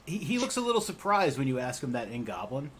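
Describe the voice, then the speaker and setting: A man running a tabletop role-playing game as game master, narrating with animated, laughing delivery. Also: medium pitch, fast, a little hiss or hum.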